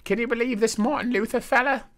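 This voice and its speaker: A man voicing a gossiping townsperson from centuries ago in a scandalized high falsetto. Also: fairly even intonation, fast. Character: shrill gossiping townsperson of olden times.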